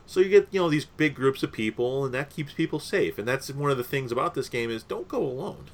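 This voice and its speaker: A man's voice: medium pitch, expressive, a little fast. A young man co-hosting a podcast in casual, rambling chat, with many fillers. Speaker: podcast co-host.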